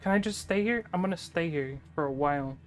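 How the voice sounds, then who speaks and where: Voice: mid-range voice, animated, brisk, faint music behind. A gaming channel host talking through a horror game playthrough, chattering nervously and breaking into panicked yelps.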